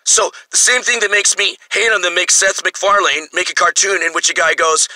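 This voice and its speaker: Sharp-voiced man in his fifties ranting. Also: sits high, steady tone, brisk, hardly any pauses, dry recording, poor audio. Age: 50s. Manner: angry, profane, rambling. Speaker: vlogger. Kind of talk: ranting monologue.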